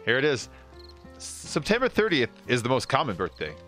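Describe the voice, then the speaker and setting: A man hosting a gaming stream, chatting loosely as he plays. His bright voice swings lively up and down. He rambles and drifts into fillers. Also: mid-range voice, moderate pace, soft background music. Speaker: gaming channel host. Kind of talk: casual chat while playing a game.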